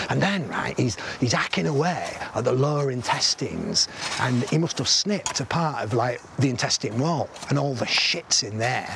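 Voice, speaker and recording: A man's voice: mid-range voice, gravelly, noisy background. An actor playing a blunt, middle-aged army veteran who swears constantly and rambles through grim stories, asking "right?" as he goes. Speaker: soldier telling a war story. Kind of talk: film drama acting.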